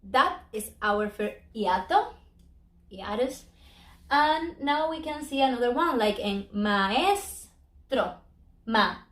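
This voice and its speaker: A high-pitched woman teaches an online language lesson, breaking words into syllables slowly and carefully. Her voice rings out in a roomy, echoey space. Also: expressive, fairly bright tone. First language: Spanish. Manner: slow, careful spelling out of syllables. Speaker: Spanish teacher.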